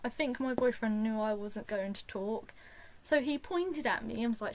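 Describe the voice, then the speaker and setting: A woman, excitedly telling a personal story to the camera in a casual vlog, with lots of "like". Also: a little high, normal speed, low-quality recording. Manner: gushing and excitable, full of "like". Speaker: fan vlogger.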